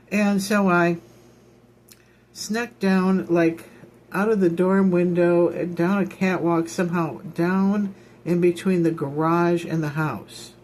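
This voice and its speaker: A woman minister talks in an unhurried, drawn-out way, circling back and repeating herself as she goes. Her delivery is homespun and conversational rather than polished, and a faint hum of room ambience sits behind her. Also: on the low side, a little mellow. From Illinois, United States. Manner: rambling, repeats herself, folksy asides. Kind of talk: informal ministry talk.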